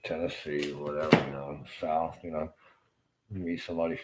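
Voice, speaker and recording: A middle-aged man with a Southern American accent, delivering a rambling monologue rant that is blunt and profane and full of halting fillers. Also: extremely low pitch, flat delivery, very noisy. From Southern United States.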